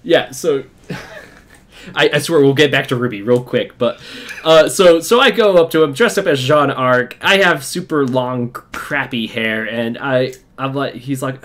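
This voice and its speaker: A young man from Utah hosting a casual podcast, telling excited fan stories with quick asides and laughs. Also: mid-range voice. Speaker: podcast host. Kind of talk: casual chat.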